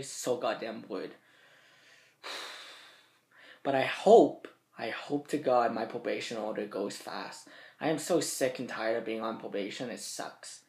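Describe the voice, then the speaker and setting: An eighteen-year-old man vlogging from his bedroom, telling stories in a rambling, profane, animated way. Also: medium pitch. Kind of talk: casual storytelling to camera. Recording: roomy bedroom echo.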